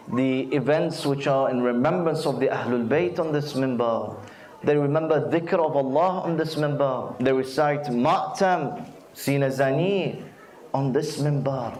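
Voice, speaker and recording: A man delivering a religious sermon, telling a parable and voicing its characters in a lively, rising voice. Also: fairly high pitch, a little hiss or hum. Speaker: Muharram night speaker. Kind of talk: sermon with storytelling. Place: mosque or community hall. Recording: roomy hall sound.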